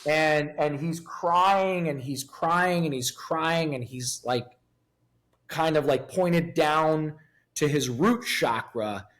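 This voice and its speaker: A man in his fifties appears as a guest on a podcast, speaking in a candid interview with a slightly high, fairly bright voice at a slow pace. He is blunt, profane, and emotionally raw.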